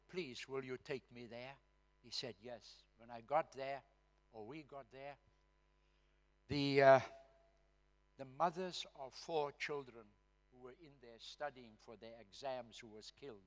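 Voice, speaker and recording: A man with a South African accent, a pastor telling a story from his own life at a church service, swinging between loud emphasis and hushed asides. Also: medium pitch. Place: church hall. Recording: reverberant church hall.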